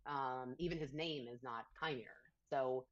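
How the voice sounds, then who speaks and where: A woman answering interview questions thoughtfully, pausing to search for words. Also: rumbling low, no room sound, muffled recording.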